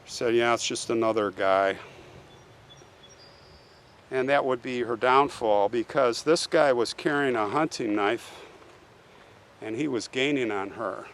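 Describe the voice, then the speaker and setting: A man's voice: mid-range voice, measured pace, a bit bright, a little hiss or hum. A man hosting a show, retelling a true crime case in a casual, conversational way and often asking the listener "right?". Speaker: host, true crime storyteller.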